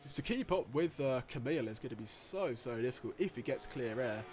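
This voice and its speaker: A man giving live commentary on an online motorcycle race, getting excitable and jumping high at the overtakes, with race engine noise behind him. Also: brisk. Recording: noisy with engine sounds behind. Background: racing game engine noise.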